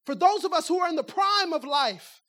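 A woman preaching a lively sermon in a conversational way, firing rhetorical questions at the congregation and acting out everyday talk to make her points. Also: very high voice, brisk.

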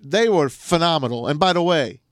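Brash higher-voiced sports radio host. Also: male voice, lively intonation, brisk, no room sound, studio quality. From New Jersey. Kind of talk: sports talk radio chat.

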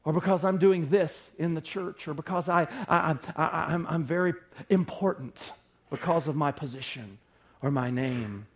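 A man preaching a sermon as pastor, swinging between loud emphatic bursts and quiet low passages. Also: moderate pace.

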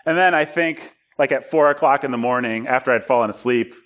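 A man preaching in a storytelling style, animated and self-deprecating, acting out bits of dialogue. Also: medium pitch, fairly quick. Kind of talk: storytelling sermon.

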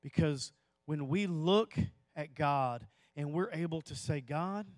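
A man preaching a sermon to a church audience, telling a personal story that swells into impassioned pleading and drops to hushed, slow emphasis. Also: a little high, no echo. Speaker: pastor.

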